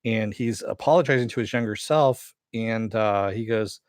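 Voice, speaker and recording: A man's voice: on the low side, moderate pace, no echo, studio quality. Casual swearing man recapping a show. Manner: rambling, frequent "uh" and "you know", swears casually. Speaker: TV episode reviewer.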